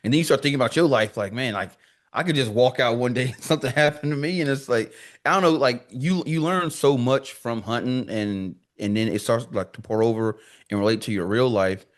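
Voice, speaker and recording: A man's voice: mid-range voice, a little fast. A man talking as a guest on a podcast in a laid-back, slangy way, telling stories animatedly. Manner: animated storyteller who acts out quoted dialogue. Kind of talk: casual podcast conversation.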